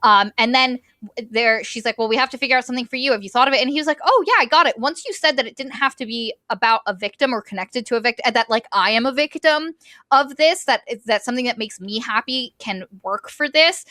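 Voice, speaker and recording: Bright-voiced young woman recapping a book. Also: fairly high pitch, dry recording, studio quality. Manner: quick summarizing, acts out characters' lines. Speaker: book podcast co-host. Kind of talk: casual book recap chat.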